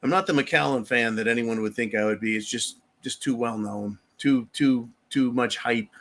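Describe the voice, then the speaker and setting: Man, from the US, livestream host, blunt profane rant, rambling, bright edgy tone. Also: mid-range voice, normal speed. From United States. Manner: reads viewer messages aloud.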